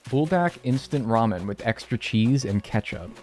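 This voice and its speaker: A man's voice: medium pitch, expressive, normal speed, darkish tone. A young man chatting casually on a live stream, joking and reacting to chat in a laid-back way.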